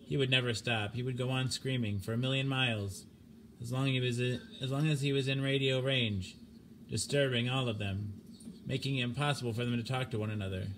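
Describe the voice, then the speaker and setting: In a grave, measured voice of ordinary pitch and fairly even intonation, a man narrates a science fiction short story. He reads steadily, like a home audiobook recording, with a soft hiss underneath.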